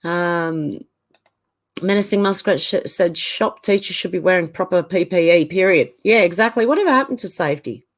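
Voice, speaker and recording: Chatty woman with a lowish voice. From Australia. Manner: chatty, reacts to each comment with quick opinions. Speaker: livestream host. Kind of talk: casual chat reading out viewer comments.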